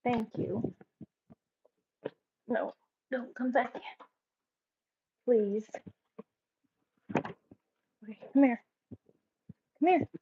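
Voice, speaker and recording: A woman with a slightly high voice talks slowly in a casual home vlog, firmly ordering her dogs around. The sound is dull and lo-fi, picked up by a camera in the room. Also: steady tone, slightly rough. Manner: firm, repeated commands to her dogs. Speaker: vlogger. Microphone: camera set up in the room.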